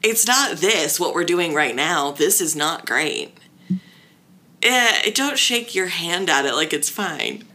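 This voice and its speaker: A woman's voice: fairly low pitch, lively intonation, takes it slowly, bright, forceful tone. A woman co-hosting a podcast in casual chat, joking crudely and laughing often. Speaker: podcast co-host.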